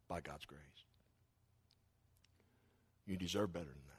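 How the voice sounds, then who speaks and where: A middle-aged man preaching a sermon, earnest and apologetic, growing louder when he stresses a point. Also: low voice, unhurried, long pauses, breathy edge. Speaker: pastor.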